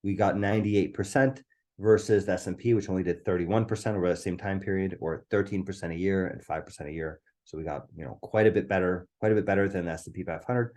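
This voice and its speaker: A man presenting a live webinar whose voice is getting hoarse. He talks with eager enthusiasm and keeps checking in with "right?". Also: deep voice, quick pace, a little mellow. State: voice going hoarse.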